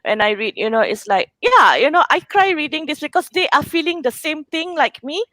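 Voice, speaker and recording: A woman's voice: high voice, expressive, brisk, pushed and bright, dry recording, rough recording. A woman with a Singaporean English accent, a guest in a casual chat, speaking in an emotional, heartfelt way with many "you know" fillers.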